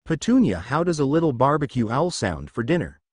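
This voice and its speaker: Man voicing a cruel bully uncle in an audio story. Growling threats, lively delivery. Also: mid-range voice, brisk, no echo, clean studio sound. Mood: gloating.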